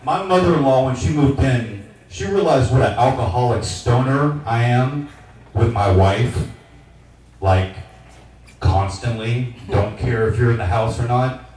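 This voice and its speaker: A man in his forties doing a stand-up comedy set in a small lounge, loud, brash and crude. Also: mid-range voice, measured pace. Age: 40s. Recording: echoey venue miked from a distance.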